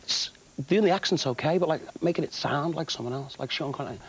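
A man's voice: on the high side, breathy edge, poor audio. A young man, an actor guest on a TV sofa, talking eagerly with lots of restarts. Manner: fast, eager, full of restarts and "like". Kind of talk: chatty TV sofa interview. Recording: faint hiss of an old TV broadcast.

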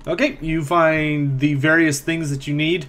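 A man's voice: on the high side, steady tone, a little slow, a bit bright. A man narrating as game master of a tabletop role-playing game, lifting his voice for the characters he plays.

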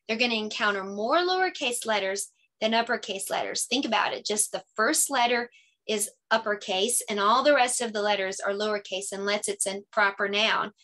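A woman teacher talking casually through her lesson ideas. She explains things chattily and sounds out words slowly when she demonstrates them. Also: medium pitch, sharp tone. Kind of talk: casual lesson-idea walkthrough.

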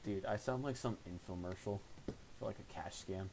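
Low dark-voiced young man trash-talking. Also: normal speed, a little hiss or hum, low-quality recording. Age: late teens. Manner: crude, swearing trash talk. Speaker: streamer. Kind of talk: casual gameplay stream chat.

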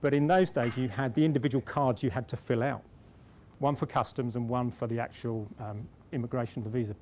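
In a conference hall, a middle-aged British man gives a speech, telling a self-deprecating anecdote with restarts before reaching his point. His mid-range voice is fairly quick and a little mellow, with a little hiss or hum on the recording.

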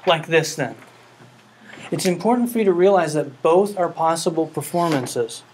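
A man lectures a music class in an earnest, questioning way, now and then humming the melody he means. His middle-pitched voice is picked up by a room mic in a classroom, with a faint hiss under it. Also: normal speed, a little mellow, low-quality recording. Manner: earnest, asks rhetorical questions, hums melodies. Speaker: music professor.

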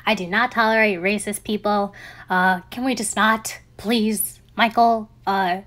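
A woman's voice: mid-range voice, fairly even intonation, unhurried, fairly bright tone. A young woman at home hosting a reaction commentary video. She rants in exasperation and laughs often. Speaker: commentary channel host. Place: at home with family over.

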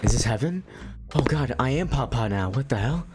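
A young man streaming a game, chatting casually and cursing freely in a lively, jumpy way. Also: mid-range voice, moderate pace, soft background music. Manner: lively, profane, yelping. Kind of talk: casual gameplay chat.

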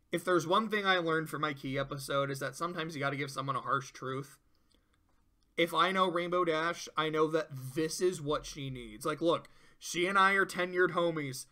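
Male reviewer, casual, animated and profane, high bright voice, slips into quick character voices. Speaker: show reviewer. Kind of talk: casual tier-list commentary.

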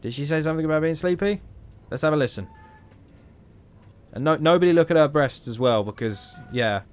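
A man's voice: a little high, fairly quick, clear, resonant tone. A tired man giving rambling, joking commentary as he plays. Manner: rambling, joking, talks to himself. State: tired, yawning. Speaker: gameplay commentator. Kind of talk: casual game commentary.

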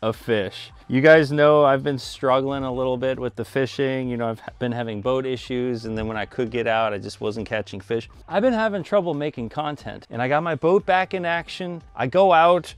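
A man hosting a fishing channel, talking casually to the camera from a small boat and later from his dock, excitable when fishing and calmer and chatty when cooking. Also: mid-range voice, normal speed, hardly any pauses, clear, resonant tone. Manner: excitable, yells and laughs when a fish bites; calm and chatty back at the dock. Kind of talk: casual vlog narration. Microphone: camera mic, later with a wind cover.

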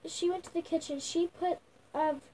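Young girl, high voice, slow halting storybook read-aloud with restarts, faint room noise. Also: fairly even intonation, mellow, low-quality recording. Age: child. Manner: slow halting reading, sounding out words with restarts. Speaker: young reader. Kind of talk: reading a picture book aloud. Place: at home.

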